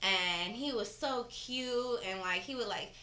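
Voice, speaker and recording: A woman's voice: on the high side, unhurried. A young woman co-hosting a casual podcast chat, telling stories with big laughs and plenty of swearing. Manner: animated storytelling, swears freely, laughs loudly. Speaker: podcast co-host. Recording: echoey room, faint noise.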